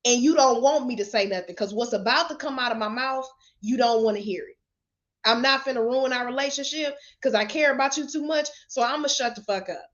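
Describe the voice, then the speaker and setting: Unfiltered motivational lady cussing and laughing on a live, kinda high voice, muffled stream sound. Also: brisk. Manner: blunt, profane, laughs often. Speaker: motivational speaker. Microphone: webcam or phone camera.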